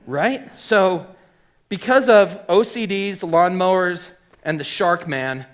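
Man, middle-aged, slightly high voice, hat shop owner, lively storytelling, acts out quotes. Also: slow pace. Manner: animated storyteller acting out quoted people. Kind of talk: storytelling talk.

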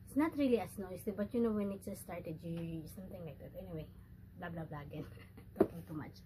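A woman with a Filipino accent, chatting excitedly and slipping in Tagalog words while unboxing a package for her vlog in a room indoors. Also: on the low side, a little fast, noisy background. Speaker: vlogger.

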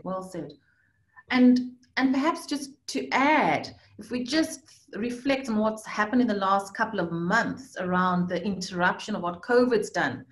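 A woman moderating a webinar panel, affirming the speakers and reflecting on their points. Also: medium pitch. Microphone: video call. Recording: roomy echo on a video call.

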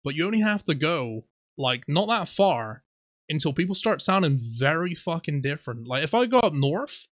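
A man's voice: a little high, moderate pace, dry recording, clean studio sound. A man in his twenties with a Somerset West Country accent, animatedly telling stories in a casual podcast chat, swearing freely. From Somerset, England. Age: 20s. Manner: animated storyteller, swears freely, laughs often. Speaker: podcast co-host.

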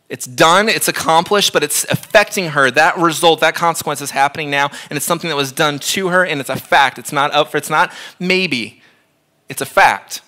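A man's voice: fairly high pitch, sharp tone. A man in his thirties preaching a sermon in a church, conversational and emphatic, repeating phrases for effect. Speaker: pastor.

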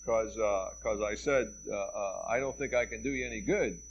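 A man's voice: on the low side, moderate pace. A middle-aged American man giving a public lecture at a college, telling anecdotes with wry, dry humor and acting out the dialogue, on a dull old reel-to-reel tape. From United States. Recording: dull lo-fi reel-to-reel tape with faint hiss and hum.

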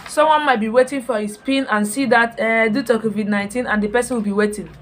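A woman telling a story in a casual vlog, animated and full of exclamations, repeating her words. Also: fairly high pitch, fast talker, a little hiss or hum. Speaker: vlogger. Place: home in Europe.

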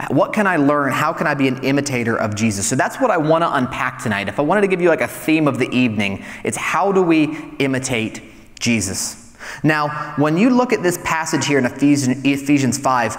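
A man in his thirties, a young adults pastor, preaching a relaxed, conversational sermon full of storytelling and light self-deprecating humor. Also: fairly high pitch. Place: church hall. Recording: reverberant hall sound.

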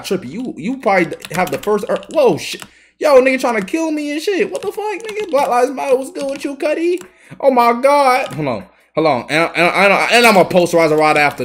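A young man giving excitable, swearing gameplay commentary as a video host, trash talking the other players and breaking into yells. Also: a little high. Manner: excitable, swearing trash talk with bursts of yelling. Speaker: gaming YouTuber.

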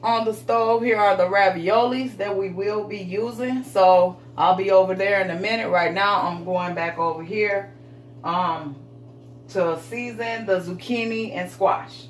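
A woman's voice: medium pitch, measured pace, a little hiss or hum. A woman giving a casual cooking demonstration in her home kitchen, chatting folksily with her viewers and swearing now and then.

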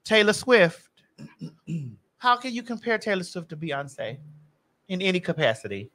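A woman podcast host in casual chat, loud and emphatic, repeating phrases for effect. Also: lowish voice, lively intonation, measured pace.

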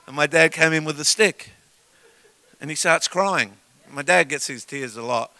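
An Australian man preaching a sermon in a church service, telling comic stories and swinging from quiet asides to shouts. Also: on the high side, measured pace. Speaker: guest preacher.

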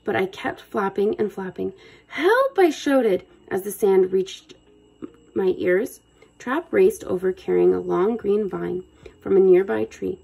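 A woman reading a children's chapter book aloud in a lively way, chatting to her young listeners as guys. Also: mid-range voice, a little slow, vocal fry, husky, rough recording. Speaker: children's book reader, channel host. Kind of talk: read-aloud storytelling for kids.

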